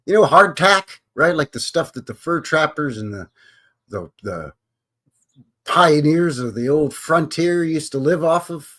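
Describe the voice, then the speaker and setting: A man's voice: a little high, expressive, measured pace, a bit bright. A man in his fifties hosting a live stream, chatting in a loose, joking, rambling way. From Canada. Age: 50s. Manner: joking, rambling, drops into silly voices. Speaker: host. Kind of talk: casual live-stream chat.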